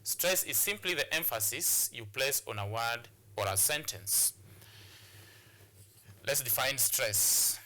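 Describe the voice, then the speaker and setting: Kenyan guy teaching on tv, very bright voice, lots of uh and repeats. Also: mid-range voice, lively intonation, slow. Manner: repetitive, hesitant with many fillers. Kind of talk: televised classroom lesson.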